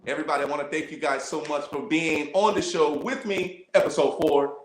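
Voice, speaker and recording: A male host wrapping up an interview in an excited, slangy, effusive way. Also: a little high, brisk, reverberant. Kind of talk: casual interview sign-off.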